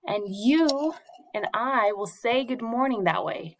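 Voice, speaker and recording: A woman's voice: on the high side, slow. A woman teacher leading a morning classroom routine for young children, prompting patiently in a sing-song way. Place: classroom or home teaching space.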